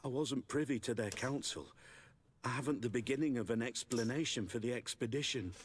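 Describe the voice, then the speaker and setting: A man's voice: medium pitch, brisk, a little hiss or hum, close to an everyday voice. A man voicing a nervous, defensive soldier in a video game, flustered and apologetic. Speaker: game character.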